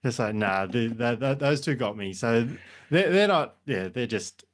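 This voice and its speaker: A man's voice: mid-range voice, animated, normal speed. A man co-hosting a podcast, retelling film scenes in casual chat. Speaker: podcast co-host.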